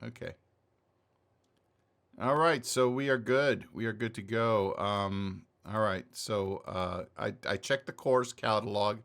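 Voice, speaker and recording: A man's voice: lowish voice, slow pace, a bit bright. A man playing a tabletop game, talking in an easygoing, hesitant way. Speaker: player.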